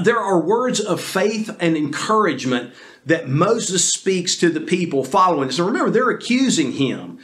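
A man preaching a sermon, earnestly addressing the congregation as folks, often restarting his words. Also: fairly high pitch. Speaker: pastor.

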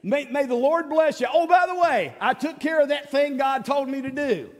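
A man's voice: very high-pitched, animated, normal speed, long reverb tail, voice pushed up. A man voicing a boastful king who greets a prophet in an overly friendly, breezy way.

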